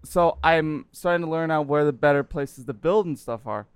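A man's voice: a little high, normal speed, smooth, no room sound. A young man co-hosting a casual gaming chat, telling long stories with many restarts. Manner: rambling storyteller, restarts often. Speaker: podcast co-host.

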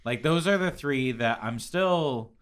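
A man's voice: mid-range voice, lively intonation, a little slow, a bit bright, clear, resonant tone. A young man co-hosting a podcast in casual chat, steering the talk back on topic. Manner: steers the talk, laughs easily. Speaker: podcast co-host.

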